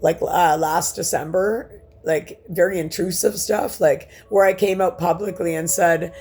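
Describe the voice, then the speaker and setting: Gravelly woman ranting emphatically. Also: on the low side, fairly even intonation, a little slow, darkish tone, faint music behind. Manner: emphatic, profane, rambling rant. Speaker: vlogger. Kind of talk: personal monologue to camera.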